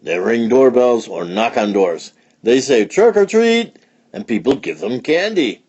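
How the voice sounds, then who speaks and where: A man's voice: mid-range voice, sing-song, unhurried, a little mellow, slightly rough. A man playing a bossy know-it-all bear. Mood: explaining. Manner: firm, explaining, patient but blustery. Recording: dull lo-fi recording.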